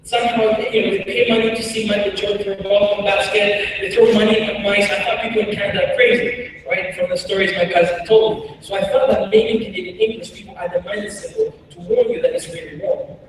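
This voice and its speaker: A man's voice: high voice, fairly quick, crowd noise. A young man from Congo whose first language is Kiswahili, telling funny stories in a keynote talk. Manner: animated and humorous, with frequent laughs. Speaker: keynote speaker. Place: large hall. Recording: echoey hall, far from the mic.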